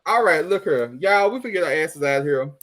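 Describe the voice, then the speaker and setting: A man hosting a casual group chat on an online call, loud and joking, swearing freely. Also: on the high side, lively intonation, moderate pace, a little hiss or hum. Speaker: podcast host.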